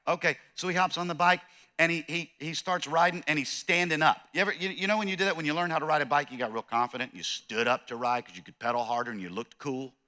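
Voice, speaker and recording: Pastor guy preaching in church, bright voice, chatty and animated storytelling. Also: a little high, fast. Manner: storytelling, animated, self-deprecating, with restarts. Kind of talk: conversational sermon.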